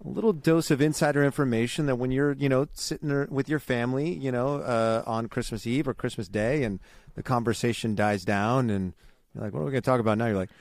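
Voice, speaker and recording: A man co-hosting a podcast, talking earnestly in a halting way with many restarts. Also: medium pitch, steady tone, darkish tone, dry recording. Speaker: podcast co-host. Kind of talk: casual chat.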